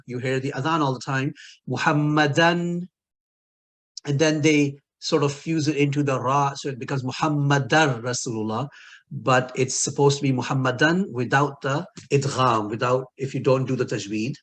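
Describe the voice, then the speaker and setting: A man's voice: medium pitch, steady tone, moderate pace. A man teaching an Arabic linguistics lesson, explaining patiently, repeating key words and asking the listener questions. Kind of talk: recorded lecture.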